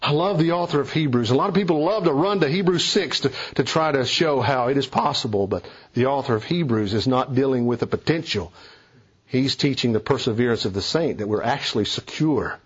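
A man preaching a sermon, emphatic and building to forceful declarations. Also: mid-range voice, husky, dull audio.

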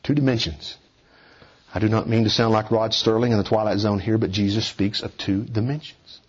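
Emphatic male preacher, husky voice. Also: lowish voice, fairly even intonation, moderate pace. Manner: emphatic, rising and falling for emphasis, urging listeners. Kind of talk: expository sermon. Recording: dull lo-fi recording.

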